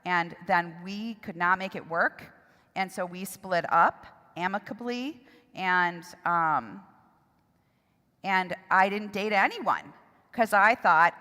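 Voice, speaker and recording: A middle-aged woman giving a personal testimony at a seminar, speaking in an emotional, halting way with pauses and restarts. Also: fairly low pitch, bright, forceful tone. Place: church hall. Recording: long hall reverb.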